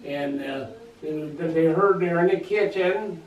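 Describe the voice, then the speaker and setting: A man telling a family ghost story in a halting, repetitive way, in a roomy space away from the mic. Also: fairly high pitch, highs cut off. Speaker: family member. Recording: roomy and distant.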